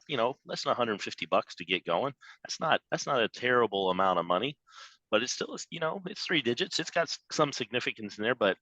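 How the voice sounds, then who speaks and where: A man giving a motivational sales training talk over a video call, emphatic and animated, acting out quoted voices. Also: low voice, dry recording, highs cut off. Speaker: business trainer.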